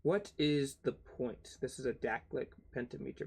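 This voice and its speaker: A young man with a gravelly, slightly rough, medium-pitched voice reads a textbook aloud at a moderate pace on his channel. When words get difficult he stumbles and spells them out letter by letter, grumbling and swearing in asides between passages.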